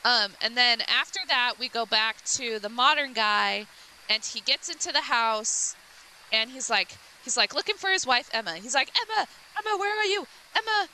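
A woman streamer recounts a game's plot in a loose, rambling way, full of likes and false starts. Her voice is bright and sits a little high, with a faint hiss in the background. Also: moderate pace, poor audio. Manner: rambling with many likes and restarts. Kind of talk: casual retelling of a game story.

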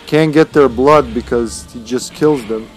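A man's voice: medium pitch, a little slow, soft background music, rough recording. A man casually commenting while he plays a video game live, thinking aloud and greeting his viewers.

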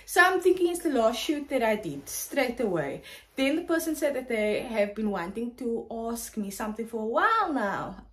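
A woman vlogger telling a story in a casual, animated way, with lots of "like". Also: a little high, normal speed, low-quality recording. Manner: animated, chatty storytelling full of "like".

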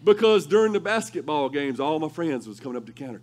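A male pastor preaching a sermon through lively, humorous storytelling. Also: medium pitch, quick pace. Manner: animated, humorous storytelling with laughter.

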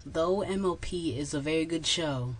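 A woman's voice: sits low, moderate pace, slight background noise. A woman giving a blunt, dismissive commentary on a video.

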